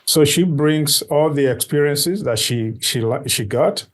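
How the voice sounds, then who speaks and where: A man from Nigeria, a guest on an interview show, speaking in a measured, deliberate way and repeating key phrases for emphasis. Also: on the high side. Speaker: guest, diaspora organization board member. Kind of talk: interview answers.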